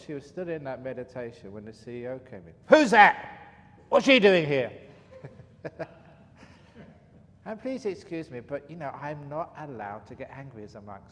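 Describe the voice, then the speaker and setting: A man, a monk, giving a dharma talk as an animated, chatty storyteller. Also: mid-range voice. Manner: animated, chatty storyteller with frequent "you know". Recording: reverberant hall, faint background noise.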